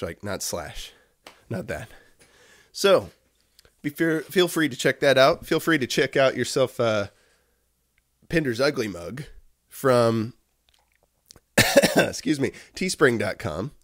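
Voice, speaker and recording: A man's voice: mid-range voice, very animated, takes it slowly, pauses often, a bit bright. Man hosting a home livestream; casual, rambling with fillers, cooing to his dogs. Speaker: livestream host. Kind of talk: casual morning livestream chat.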